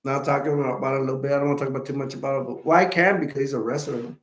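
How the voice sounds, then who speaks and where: A man hosting a live stream, chatting in a halting, rambling way with many restarts and self-corrections, with hiccups. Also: medium pitch, fairly even intonation, echoey room.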